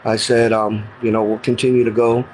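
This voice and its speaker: A man's voice: on the low side, flat delivery, fairly quick, a little mellow, a little hiss or hum, poor audio. A middle-aged man telling a personal story in a casual, earnest, plain-spoken way, often retelling what people said to him. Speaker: guest telling his story.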